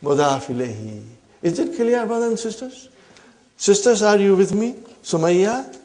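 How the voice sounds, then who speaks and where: In a classroom lesson on Arabic grammar, a middle-aged man speaks at normal speed in a high, dark-toned voice with lively intonation. He addresses the students as brothers and sisters and often caps his points with a questioning "huh?"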